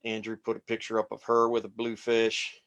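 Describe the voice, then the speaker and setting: A man casually talking through a fly tying demonstration as he works, relaxed and rambling. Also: lowish voice, normal speed, dull audio. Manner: relaxed, rambling, talks while working.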